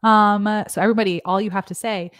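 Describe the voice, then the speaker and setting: A woman's voice: mid-range voice, steady tone, quick pace, fairly bright tone, smooth, no room sound, studio quality. A young adult woman nurse practitioner hosting a casual livestream, chatting and joking as she reads viewer comments. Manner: chatty and joking, with asides and fillers. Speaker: nurse practitioner and channel host.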